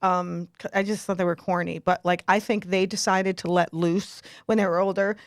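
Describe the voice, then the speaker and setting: A middle-aged woman, hosting a podcast and telling a story in a lively, laughing way. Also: on the low side, normal speed, no room sound, studio quality. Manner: animated, laughs a lot, acts out quotes. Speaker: podcast host. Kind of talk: casual storytelling chat.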